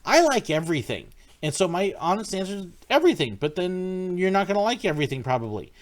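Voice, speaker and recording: A man with a slightly higher voice than most, chatting casually on a home livestream. He rambles in a friendly way, greets viewers by name and fills his pauses with ums and restarts. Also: big pitch swings. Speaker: livestream host answering viewer questions. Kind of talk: casual live-stream chat.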